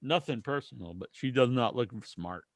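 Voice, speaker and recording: A man's voice: mid-range voice, animated, normal speed, no echo. A man hosting a casual wrestling podcast, reading listener questions and giving opinionated rants. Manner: opinionated, ranting.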